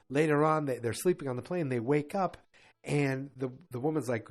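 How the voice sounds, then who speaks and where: Man rambling through a sitcom recap. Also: medium pitch. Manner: rambling, animated retelling with quick quoted voices. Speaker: podcast host. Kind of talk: casual episode recap.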